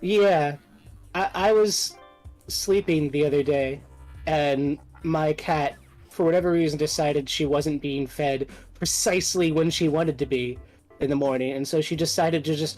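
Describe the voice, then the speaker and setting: A man's voice: fairly high pitch, unhurried, faint music behind, rough recording. A man co-hosting a casual podcast while playing a game, laughing often as he tells stories. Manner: laughs often, lively storytelling. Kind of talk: casual chat over gameplay.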